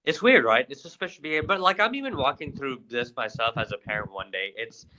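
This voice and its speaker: A young man co-hosting a podcast, recounting events with lively energy. His voice is bright and forceful. He tells the story casually and animated. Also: mid-range voice, brisk, low-quality recording. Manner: animated retelling with acted-out quotes. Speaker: podcast co-host.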